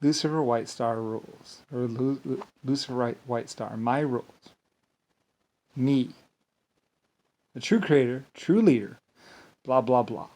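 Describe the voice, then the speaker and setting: A man's voice: medium pitch, measured pace, pauses often, dark tone. A man delivering an angry, rambling monologue, swearing, stumbling over words and filling gaps with "blah, blah.". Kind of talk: monologue rant to camera.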